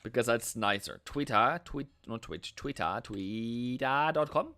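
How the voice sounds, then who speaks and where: A man's voice: mid-range voice, lively intonation, unhurried, pushed and bright. A man from Norway, hosting a casual live trading stream, playful and chatty with viewers, tossing in silly sound effects. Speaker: forex trading livestream host.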